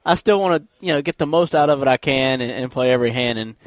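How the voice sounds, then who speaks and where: Guy on a radio show thinking out loud, lots of uh's, medium voice, dry sound. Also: medium pitch, fast, no echo. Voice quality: hesitant, reflective. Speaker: radio co-host. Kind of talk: casual radio chat.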